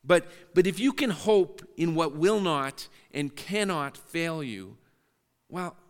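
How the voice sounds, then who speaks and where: A man's voice: on the high side, lively intonation, slow, big-room sound. A man preaching a sermon as pastor, earnest and prone to repeating words as he restarts phrases.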